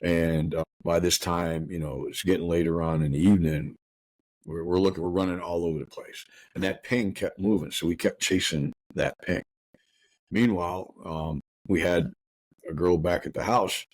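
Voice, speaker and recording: A middle-aged man hosting a podcast, telling a painful personal story in a rough, profane, rushed way full of restarts. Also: low-pitched, steady tone, darkish tone, no echo. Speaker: podcast host.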